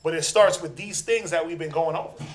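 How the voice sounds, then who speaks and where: A man leads a scripture class in a high, animated voice, bouncing questions to his group and slipping into the voices of the people he quotes. The room is echoey and reverberant. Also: a little fast. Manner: animated, acts out quoted people, calls for responses. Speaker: Bible class teacher.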